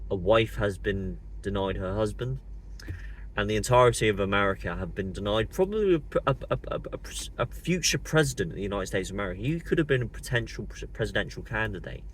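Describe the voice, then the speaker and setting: A man's voice: fairly low pitch, a bit bright, slight background noise. A British man in his twenties giving a direct-to-camera monologue with fervent, insistent delivery and repetition for emphasis. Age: 20s. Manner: fervent, repeats words and phrases for emphasis. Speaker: political commentator.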